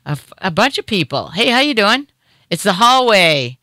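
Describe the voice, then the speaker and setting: A woman's voice: medium pitch, sing-song, a little slow, bright, forceful tone, dry recording. A middle-aged woman with a Boston accent hosting a comedy talk show in a studio, chatty and joking, rambling with fillers. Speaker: radio show host. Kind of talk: casual comedic chat.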